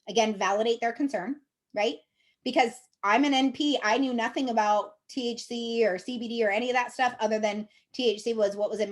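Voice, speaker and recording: A woman with a slightly high voice coaches her sales team in a chatty, upbeat way. She keeps checking in with her listeners as she talks, and she sounds encouraging throughout. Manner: chatty, checks in with frequent "okay?" and "right?". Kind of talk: casual coaching talk to a team.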